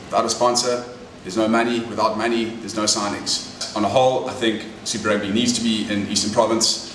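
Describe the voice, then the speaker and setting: A man's voice: fairly low pitch, level tone, brisk, fairly bright tone. Male pundit, punchy clipped delivery, roomy distant sound with faint noise. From South Africa. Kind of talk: opinion piece to camera. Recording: echoey room, distant mic.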